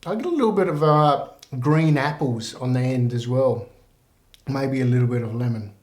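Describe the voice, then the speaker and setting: A man giving a casual whisky tasting review in a relaxed, rambling way with many fillers. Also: mid-range voice, moderate pace. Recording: roomy echo.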